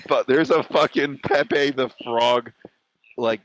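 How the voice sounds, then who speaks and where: A man's voice: medium pitch, steady tone, slow, highs cut off. A young man co-hosting a casual chat, rambling with many fillers, frequent swearing and laughter. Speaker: co-host.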